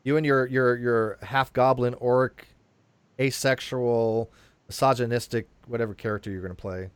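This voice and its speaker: A man's voice: medium pitch, steady tone, moderate pace, smooth, no echo. A man hosting a casual chat show, talking hesitantly with frequent fillers and restarts. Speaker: host.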